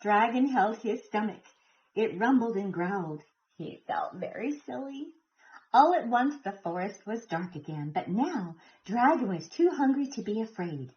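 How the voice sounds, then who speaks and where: A woman reading a picture book aloud to children, animated and asking them questions, recorded on a phone in lo-fi sound. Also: fairly high pitch, a little slow. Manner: animated, asks listeners questions.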